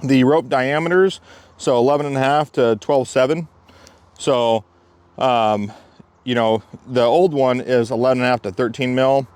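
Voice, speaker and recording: A man with a smooth, resonant voice talks through climbing gear in a relaxed review. He explains each detail in a chatty, step-by-step way and sits at a middling pitch for a man. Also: moderate pace, dry recording.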